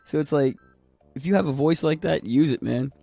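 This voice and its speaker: A man's voice: a little high, moderate pace, gravelly, warm tone, soft background music. A young man streaming a video game, chatting casually and rambling, swearing freely. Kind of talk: casual gaming stream chat.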